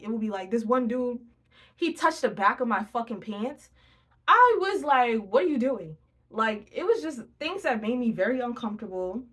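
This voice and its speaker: Young female tarot reader, raised pitch, casual and profane, tells stories with energy. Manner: blunt, profane, animated storytelling.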